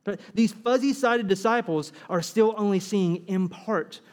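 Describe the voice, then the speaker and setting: A man delivers a sermon in a high, bright voice. He is animated, acts out little scenes of dialogue and keeps asking the congregation rhetorical questions. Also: measured pace. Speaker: preacher.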